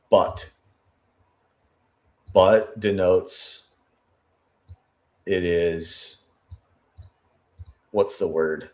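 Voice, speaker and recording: A man with a very deep voice works through an interview transcript in analytical commentary. He talks at an unhurried, deliberate pace. He thinks aloud, corrects himself and circles back to repeat key words. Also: fairly even intonation.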